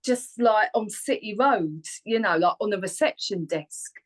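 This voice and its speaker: A woman's voice: mid-range voice, animated, a little slow, rough recording. A woman, chatting as a guest on a radio show over a video call, rambling and laughing often. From Harlow, Essex, England. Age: 40s. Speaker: guest singer and actor. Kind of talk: casual chat on a radio interview. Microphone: remote video call.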